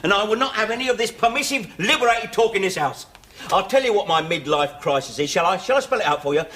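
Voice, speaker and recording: A man's voice: high-pitched, expressive, quick pace, bright, forceful tone. An actor playing a sardonic middle-aged ex-convict father, wisecracking and dry. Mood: wry. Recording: noisy old TV sitcom recording.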